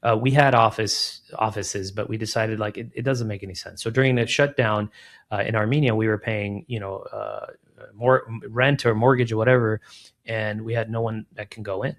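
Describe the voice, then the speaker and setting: A middle-aged man who founded a recruiting firm is a guest in an interview, chatting casually in a fairly low voice at a moderate pace. He's an animated storyteller who acts out quoted dialogue and peppers his talk with "man" and "like."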